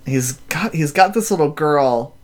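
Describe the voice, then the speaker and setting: A man's voice: fairly high pitch, lively intonation, a little slow, a little mellow. A man recapping a story in casual chat, rambling with many fillers and acting out quotes. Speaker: podcast host.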